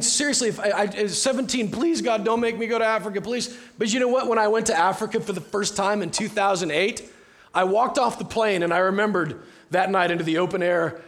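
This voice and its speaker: A man preaching a sermon as pastor in a conversational way, often dropping to a soft, hushed tone. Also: high-pitched. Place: church sanctuary.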